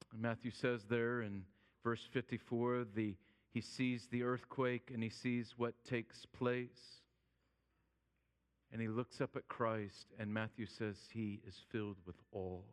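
A male pastor preaching a sermon, swinging from loud urgency down to a hushed near-whisper. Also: medium pitch, clean tone. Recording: long hall reverb.

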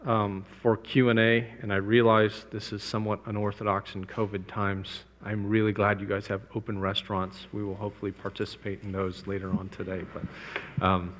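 A man's voice: on the low side, little pitch movement, moderate pace, few pauses, a bit bright. A man giving a missions talk to a live audience, emphatic and repeating his key points. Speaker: missions speaker. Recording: long hall reverb.

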